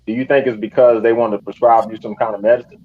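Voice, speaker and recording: A man asks a question in a hesitant, halting way during a casual panel chat. His voice comes through a tinny, phone-like line, and the sound is dry. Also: mid-range voice, flat delivery, dry recording.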